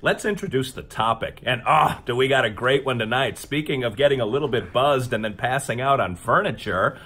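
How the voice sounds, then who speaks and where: A man co-hosting a comedy podcast, talking in animated, tipsy casual banter with frequent laughs. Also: medium pitch, fairly quick, slightly rough. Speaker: podcast co-host.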